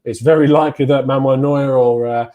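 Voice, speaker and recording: A man's voice: mid-range voice, fairly quick, phone-quality sound. A man giving chatty, rambling football fan commentary as the host of a fan channel, stressing each name as he goes. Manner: chatty, rambling, lively emphasis on names.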